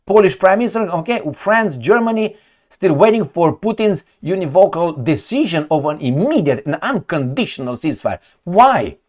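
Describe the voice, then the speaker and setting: Male political commentator, hot-tempered and mocking, voice swinging up and down with a slightly raised pitch. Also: expressive, normal speed. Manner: heated, sarcastic and profane; mocking retorts and rhetorical questions. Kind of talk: reading headlines and commenting.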